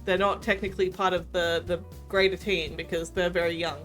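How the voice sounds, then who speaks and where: A woman's voice: on the low side, level tone, a little fast, a bit bright, faint music behind. Chatty woman streamer reading game text. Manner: chatty, reads game text aloud, laughs easily. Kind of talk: casual let's-play narration.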